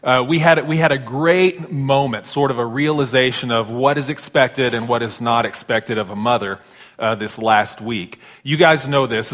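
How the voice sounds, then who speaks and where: A male pastor giving a sermon in a conversational storytelling way, turning soft and tender when serious. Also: mid-range voice. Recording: long reverb of a large hall.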